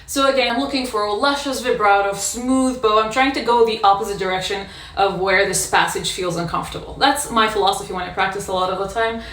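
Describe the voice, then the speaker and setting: A woman in a casual practice session, explaining how she practices a violin piece in a thoughtful way, pausing often with fillers. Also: mid-range voice, fairly even intonation, fairly bright tone. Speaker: violin teacher. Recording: echoey room with violin playing.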